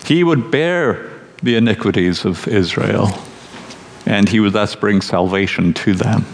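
A man delivering a sermon in a measured, emphatic teaching voice. His voice sits fairly low. A long reverb trails his words, as in a large church hall, with a faint hiss underneath. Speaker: preacher.

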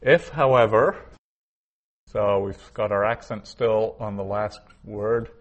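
A man's voice: fairly low pitch, slow, highs cut off. A man teaching a class, explaining reading points patiently and methodically, with small restarts.

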